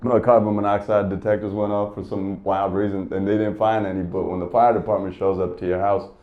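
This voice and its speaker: A man's voice: on the low side, little pitch movement, a little fast, narrow, tinny audio. A man doing stand-up comedy, telling a story as a profane, exasperated rant.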